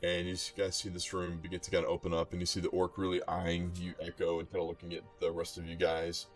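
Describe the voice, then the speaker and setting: A man with a low, deep voice running a tabletop game as game master. His narration is loose and casual, full of restarts and fillers, with faint music underneath. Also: completely flat delivery, fast talker.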